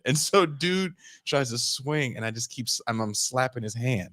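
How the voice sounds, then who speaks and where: A man's voice: medium pitch, moderate pace, few pauses, no room sound, studio quality. A man co-hosting a podcast, telling a story in casual chat and acting out the people in it with raised voices. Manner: animated, acts out quotes in raised voices. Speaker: podcast co-host.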